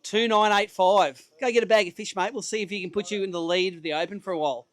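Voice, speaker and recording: Australian man, weigh-in emcee, high voice, chatty, matey banter, dry close sound. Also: rapid-fire, a bit bright, no room sound. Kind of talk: live tournament emcee banter. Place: outdoor waterside stage.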